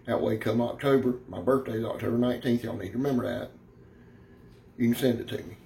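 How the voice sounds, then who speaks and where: A man's voice: medium pitch, a little fast, gravelly, warm tone, a little hiss or hum. A man giving a rambling, folksy, brash product review, talking straight to his viewers. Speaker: knife reviewer.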